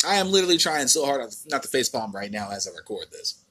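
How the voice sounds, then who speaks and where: A man's voice: mid-range voice, very animated, fast, pushed and bright. A man with an American accent hosting a podcast, ranting in a casual, exasperated and profane way with many restarts. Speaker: podcast host.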